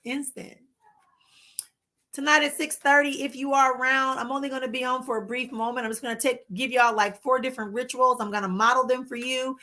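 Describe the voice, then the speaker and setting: Bright-voiced woman hosting a livestream. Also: high-pitched. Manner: warm, reassuring, addresses viewers as "my love" and "honey"; drawn-out soothing repetitions. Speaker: spiritual livestream host. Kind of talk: casual livestream chat with viewers.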